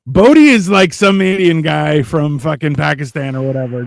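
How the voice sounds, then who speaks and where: A man's voice: a little high, moderate pace, creaky, few pauses, dry recording, studio quality. Crude joking male stream host. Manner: joking, mocking, swears a lot. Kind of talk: casual crude banter.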